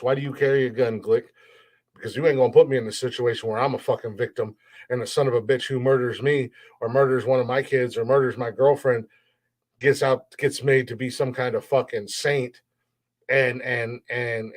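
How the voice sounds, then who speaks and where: A man hosting a solo podcast, ranting bluntly and profanely in a heated, restarting way. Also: medium pitch. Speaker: podcast host. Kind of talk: opinionated solo podcast rant.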